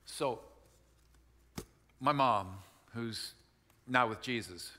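Man, pastor, bright forceful voice, folksy sermon, long hall reverb. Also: medium pitch, extremely slow. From Wisconsin, United States. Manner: conversational, folksy, repeats and restarts phrases.

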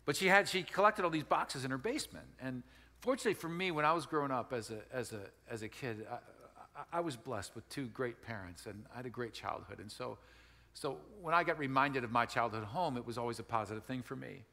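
A man's voice: mid-range voice, expressive, a little fast, pushed and bright. A middle-aged man from Wisconsin, a pastor giving a conversational, folksy sermon and often repeating and restarting his phrases. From Wisconsin, United States. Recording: long hall reverb.

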